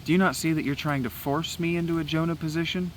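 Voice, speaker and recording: Out in the woods, a man with a rather high voice and steady tone talks quickly, with slight background noise and poor audio. The vlogger delivers a rambling spoken meditation, agitated and preachy, swearing often.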